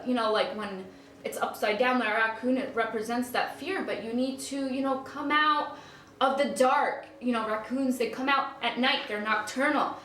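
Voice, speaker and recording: Gushing high-voiced woman reading cards. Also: a bit bright. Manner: gushing, effusive, repeats herself. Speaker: tarot card reader. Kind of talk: casual spiritual card reading. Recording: echoey room with faint background noise.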